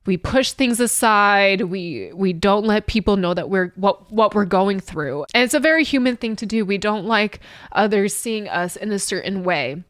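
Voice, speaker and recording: A woman giving heartfelt reaction commentary on a song, tearful and emotional, halting with small laughs and sighs. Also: medium pitch, animated, no echo, studio quality. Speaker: music reaction YouTuber.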